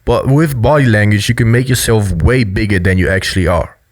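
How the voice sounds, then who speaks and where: A man gives a casual, explanatory commentary on body language, loose and full of fillers. His low voice sounds dry and close to the microphone. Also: brisk, no room sound.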